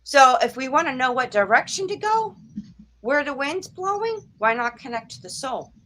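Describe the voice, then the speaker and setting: A woman's voice: sits high, big pitch swings, normal speed, fairly bright tone, low-quality recording. Earnest reflective woman hosting. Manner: earnest, reflective, speaks in spiritual phrases. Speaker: interview host. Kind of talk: casual interview talk.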